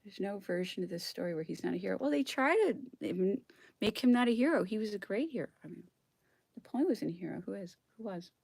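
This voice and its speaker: A woman's voice: medium pitch, lively intonation, quick pace, vocal fry, a little mellow, breathy edge, no room sound. A woman in an impassioned solo vlog monologue, dropping into whispers at times and close to tears. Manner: emotional, drops into whispered asides, near tears. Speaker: vlogger reading history aloud.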